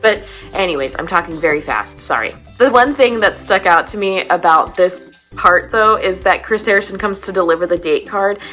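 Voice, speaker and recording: A woman hosting a casual, chatty recap of a reality dating show, animated and self-deprecating. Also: on the low side, normal speed, faint music behind. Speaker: host.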